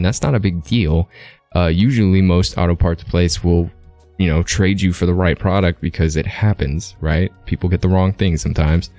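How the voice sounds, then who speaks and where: A man's voice: low voice, normal speed, warm tone, no echo, faint music behind. A man streaming, casually telling a rambling story with plenty of fillers and tag questions.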